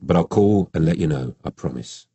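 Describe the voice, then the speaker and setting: A man reading an audiobook plays a cheerful police detective, husband and father with a Geordie accent, who talks in a brisk, breezy way. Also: a bass voice, animated, warm tone, breathy edge, dry recording, exaggerated voice.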